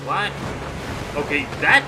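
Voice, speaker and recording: A man giving blind reaction commentary on a cartoon, with quick, joking, reactive asides. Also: high voice, sing-song. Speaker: video commentator.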